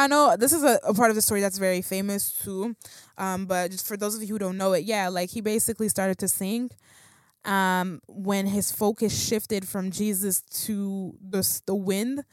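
A woman's voice: medium pitch, no room sound, clean studio sound. Slangy woman giving a casual Bible talk. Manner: conversational, slangy, many fillers and restarts. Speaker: Bible teacher.

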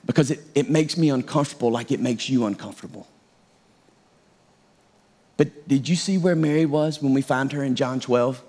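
A man's voice: medium pitch, moderate pace, pauses often, darkish tone. A middle-aged male pastor preaching a sermon in a conversational, self-deprecating way.

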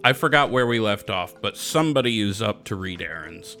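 A man's voice: lowish voice, lively intonation, fairly quick, sharp tone, soft background music. A man co-hosting a casual gaming podcast, rambling, swearing freely and wandering off on tangents. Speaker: podcast co-host.

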